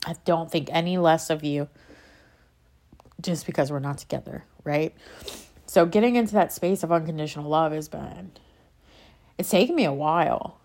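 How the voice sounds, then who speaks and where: A woman with a low, slightly mellow voice speaks at a moderate pace, leaving long pauses. She's a faith vlogger in a casual spiritual monologue, impassioned and rambling, interrupting herself as emotion builds.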